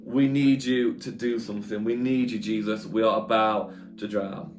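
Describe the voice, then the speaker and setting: A man's voice: lowish voice, steady tone, normal speed, roomy sound, faint music behind, natural voice. A man voicing a group of panicking male disciples who plead frantically for help in a storm. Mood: panicked.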